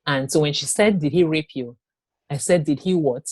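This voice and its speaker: A woman giving a personal testimony in an interview, telling her story haltingly with pauses, restarts and quoted dialogue. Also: sits low, darkish tone, breathy edge, no echo. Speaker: interview guest.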